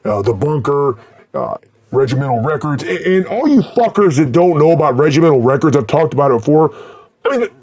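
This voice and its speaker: A black metal musician recapping a tour in a casual, rambling way, swearing often and filling pauses with "uh". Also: male voice, fairly high pitch, very animated, darkish tone. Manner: rambling, profane, with many fillers.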